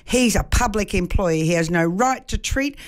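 A woman's voice: medium pitch, lively intonation, moderate pace, lightly acted. A woman voicing a kindly older male passenger who talks in a sympathetic, earnest way.

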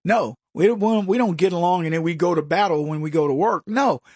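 A man with a high-pitched voice rants through a combative opinion monologue, mocking his critics and mimicking them in put-on voices. The sound is dry and close, with almost no room. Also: brisk, a little mellow, slightly rough, no room sound. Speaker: commentary show host.

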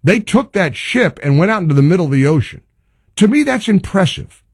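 A man with a high, husky voice hosts a talk radio show. He rambles through an exasperated monologue and swings his pitch up and down a lot. The sound is close and dry. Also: big pitch swings, a little fast, darkish tone, dry recording.

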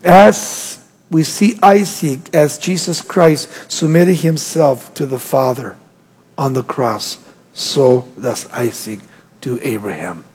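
A man's voice: medium pitch, slow, a little mellow, slightly rough. A man preaching a sermon as pastor, with emphatic delivery that rises and falls. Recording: long hall reverb.

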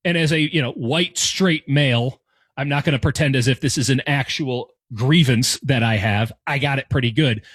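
A man's voice: medium pitch, moderate pace, a bit bright, husky, no echo. A man in his thirties with an American accent, talking through a candid, wry, self-deprecating opinion monologue in his home room. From United States. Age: 30s. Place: home room decorated with soccer scarves and flags.

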